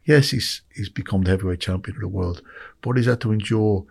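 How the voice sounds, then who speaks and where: Middle-aged Irish man, husky voice, emotional storyteller, emphatic. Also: lowish voice, brisk, a little mellow. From Ireland. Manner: heartfelt, emphatic, repeats words for emphasis. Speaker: podcast guest.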